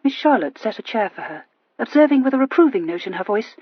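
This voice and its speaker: A woman's voice: mid-range voice, brisk, slightly rough, no room sound, dull audio. A woman narrating a novel expressively, voicing each of its characters. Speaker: audiobook narrator. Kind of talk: scripted narration.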